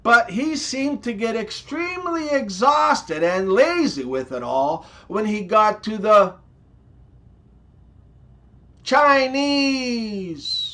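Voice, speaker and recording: Slow, lively high-voiced joke teller. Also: male voice. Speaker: comedy channel host. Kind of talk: scripted joke telling.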